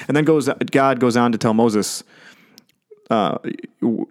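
A man's voice: mid-range voice, measured pace, pauses often. A man preaching a casual sermon, conversational and jokey, paraphrasing scripture in everyday speech.

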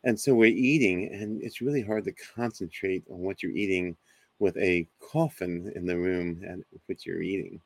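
A man with a very low, gravelly voice tells a spooky personal story in a relaxed, animated way. He acts out the voices of the people in his story. The recording is close and dry. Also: normal speed, dry recording. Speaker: guest telling a ghost story. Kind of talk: casual storytelling on a talk show.

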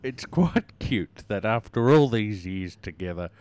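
Low-voiced, dry comedy co-host. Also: male voice, lively intonation, unhurried, a little mellow, clear, resonant tone, dry recording. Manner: dry, prim interjections. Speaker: podcast co-host. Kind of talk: absurdist comedy chat.

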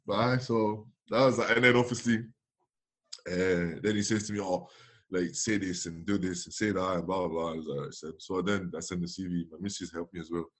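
A man's voice: sits low, brisk. Laughing man telling stories. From France. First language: French. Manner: animated storytelling, acts out dialogue, laughs often. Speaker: guest, former footballer. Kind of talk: casual chat.

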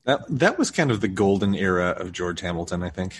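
A man with a low, husky voice chats casually on a podcast, wry and relaxed. His pitch moves a lot as he talks. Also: a little fast. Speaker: podcast co-host. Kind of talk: casual chat.

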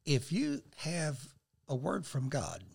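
A man's voice: on the high side, takes it slowly, vocal fry, breathy edge. An older man, a guest on a faith talk show, speaking earnestly and quoting scripture as he shares. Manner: earnest, animated, quotes scripture.

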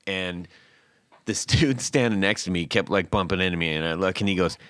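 A man hosting a podcast, chatting casually and telling stories in a jokey, animated way. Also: deep voice, fairly quick, dry recording. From California. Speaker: podcast host. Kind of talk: casual chat.

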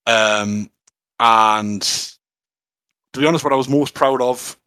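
A man's voice: mid-range voice, slow, pushed and bright, clean tone, no echo. Enthusiastic man chatting. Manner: chatty, enthusiastic, lots of fillers. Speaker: podcast co-host. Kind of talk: casual chat.

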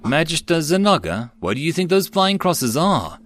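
A man voicing a pouty, curious young female mage in an audiobook, raising his pitch to sound girlish. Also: animated, measured pace, creaky, fairly bright tone.

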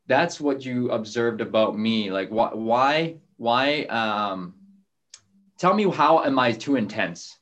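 A man hosting a coaching call, asking a voice coach earnest questions in a halting way. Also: medium pitch, expressive, a bit bright. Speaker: host interviewing a voice coach.

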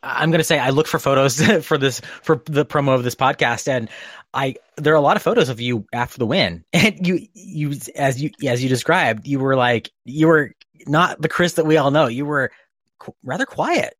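A man hosting a podcast, asking plain questions in a relaxed way with laughing asides. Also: medium pitch, normal speed, dry recording, clean studio sound. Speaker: podcast host. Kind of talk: casual interview.

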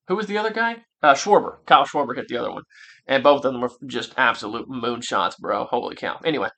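A man's voice: medium pitch, sharp tone. A young man hosting a casual sports podcast who insists on his point again and again. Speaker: podcast host.

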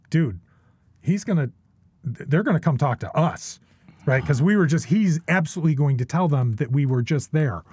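A man's voice: a little high, a little mellow, dry recording. A middle-aged man telling stories as a podcast guest. He rambles and restarts a lot, tags his sentences with questions, and swears often. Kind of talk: casual storytelling.

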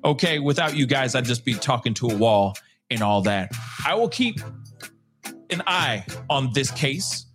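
A man's voice: medium pitch, lively intonation, a little slow, fairly bright tone, soft background music. A man hosting a casual live news commentary show, talking straight to his viewers and laughing at his own jokes.

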